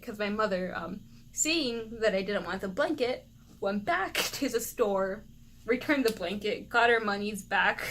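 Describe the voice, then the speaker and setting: A young woman vlogger animatedly retelling a personal story, lively and laughing often. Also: mid-range voice, a little hiss or hum.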